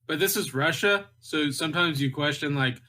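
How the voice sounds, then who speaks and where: A man's voice: a little high, normal speed, sharp tone. A man co-hosting a casual podcast, joking around and stumbling over hard names while reading film facts. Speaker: podcast co-host.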